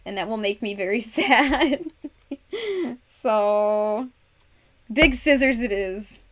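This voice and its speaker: A woman with a mid-range voice talks slowly while hosting a relaxed crafting livestream. She addresses viewers in the chat, explains each step to herself, and laughs often.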